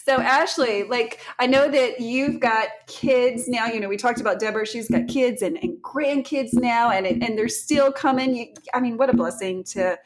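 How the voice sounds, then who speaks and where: A woman's voice: fairly high pitch, normal speed, hardly any pauses, rough recording. A woman with a Southern US accent, hosting a podcast in chatty, casual conversation and laughing often. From Texas. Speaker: podcast host. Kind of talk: casual chat.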